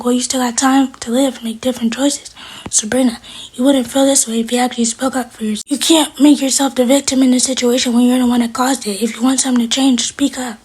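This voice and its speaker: A woman recapping a TV episode in a casual, animated way, quoting each character in her own voice. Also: a little high, slightly rough. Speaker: TV episode reviewer. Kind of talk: casual recap, acting out lines.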